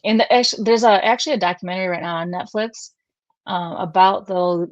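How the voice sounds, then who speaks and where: Middle-aged woman guest, earnest storyteller, slightly low voice, dry close sound. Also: fairly even intonation, a little fast, no room sound. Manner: emotional, earnest, quotes others at length. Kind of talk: conversational storytelling.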